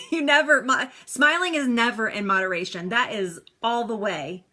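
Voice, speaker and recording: A woman's voice: fairly high pitch, moderate pace, sharp tone. Upbeat, chatty woman. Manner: upbeat, chatty, laughs often, reads comments aloud. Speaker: wellness coach on a live stream. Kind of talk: casual live-stream talk to viewers.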